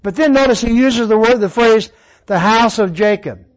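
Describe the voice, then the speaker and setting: High-voiced man teaching a Bible class. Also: normal speed, low-quality recording. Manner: conversational, explains verse by verse.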